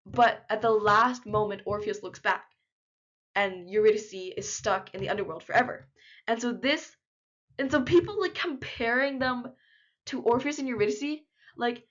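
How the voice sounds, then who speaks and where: A young woman chats straight to camera in a loose, unedited vlog, piling up fillers as she gushes like a fan. Her voice sits at an ordinary middle pitch. The audio is a little dull and lo-fi. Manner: chatty, filler-heavy, gushing fan talk. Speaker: vlogger. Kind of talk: casual unedited chat.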